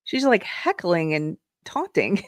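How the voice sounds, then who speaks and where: A woman from South Carolina hosting a live political commentary show, talking in a sarcastic, emphatic way and quick to scoff. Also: on the low side, very animated, no echo, studio quality. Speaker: show host.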